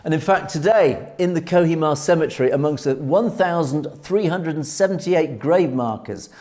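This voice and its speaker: A man's voice: a little high, darkish tone. Earnest man telling history. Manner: earnest, measured storytelling with frequent hesitations. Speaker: news commentary host. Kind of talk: commentary on history and news.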